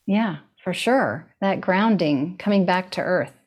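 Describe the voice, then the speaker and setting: A middle-aged woman with a somewhat low voice talks in a relaxed conversation. She is thoughtful and reflective, and laughs easily. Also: unhurried. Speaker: guest. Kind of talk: casual conversation.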